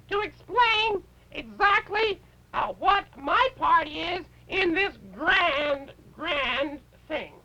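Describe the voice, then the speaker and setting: Male puppeteer voicing an old witch in a 1950s puppet show, shrill and squeaky, gushing. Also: bright, forceful tone, heavily acted, poor audio.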